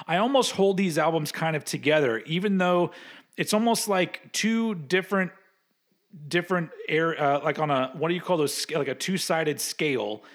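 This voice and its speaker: A man's voice: on the high side, normal speed. A man co-hosting a podcast in casual chat, rambling and laughing often as he talks, swearing casually. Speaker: podcast co-host.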